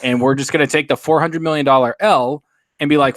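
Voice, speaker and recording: A man's voice: on the high side, steady tone, fairly quick, fairly bright tone, dry recording. Male panelist, opinionated, casual rant, dry close mic. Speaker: podcast panelist.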